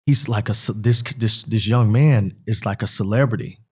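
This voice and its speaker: A man's voice: on the low side, moderate pace, darkish tone, slightly rough. A middle-aged man from Pennsylvania, a former football player as guest, telling an emotional personal testimony in a rambling, earnest way that keeps repeating itself.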